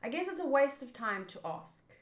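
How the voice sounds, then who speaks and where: A woman reading aloud as a calm, mysterious woman who questions a fighter, slow and hushed, in a roomy echo. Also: sits high. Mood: cool, curious.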